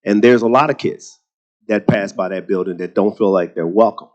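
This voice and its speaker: Southern guy, deep-ish voice, chatty storyteller, kinda dull lo-fi sound. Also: moderate pace. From Texas. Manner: animated storytelling, repeats words when starting sentences. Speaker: guest speaker. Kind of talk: panel conversation at a luncheon.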